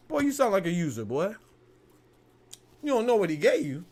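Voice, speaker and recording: A young man hosting a casual boxing podcast, talking in a heated, animated way and peppering his lines with "bro" and profanity. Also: high voice, moderate pace. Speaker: podcast host.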